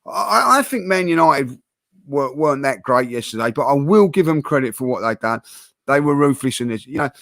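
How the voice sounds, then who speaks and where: In a laid-back football debate with his co-hosts, a fan-channel host argues with animated passion, constantly restarting and using fillers. He has a medium-pitched voice with vocal fry and a moderate pace. There's no echo.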